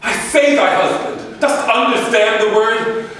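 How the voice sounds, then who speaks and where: An actor playing a jealous, tormented general, declaiming verse on a stage in a live theatre performance. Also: male voice, extremely high pitch, a little slow, a bit bright. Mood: wrathful. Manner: declaims verse, swinging between anguish and rage. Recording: echoey theatre, mic far from stage.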